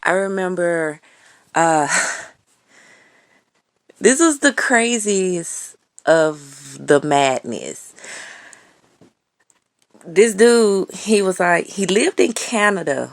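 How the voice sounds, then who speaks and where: Slow-talking, profane woman telling a story. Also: fairly low pitch, animated. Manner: profane, incredulous, laughs at her own story. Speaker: guest storyteller. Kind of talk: casual storytelling voice message. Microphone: phone voice message.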